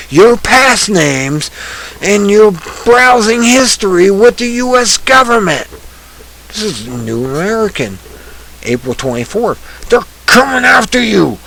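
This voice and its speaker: A man's voice: sits high, gravelly, slight background noise, low-quality recording. Agitated ranting male commentator. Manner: agitated, swings from muttering to shouting; reads headlines then rants angrily. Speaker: online news commentator.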